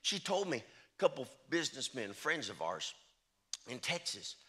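A man's voice: mid-range voice, sing-song, moderate pace, pushed and bright. A middle-aged man, a traveling preacher, telling folksy stories in a sermon and often repeating "I said" and "he said". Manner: chatty, storytelling, repeats "I said" and "he said".

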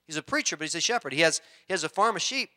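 A middle-aged man preaching as a pastor, conversational and halting, often clearing his throat and restarting sentences. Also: fairly high pitch, lively intonation, pushed and bright. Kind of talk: sermon.

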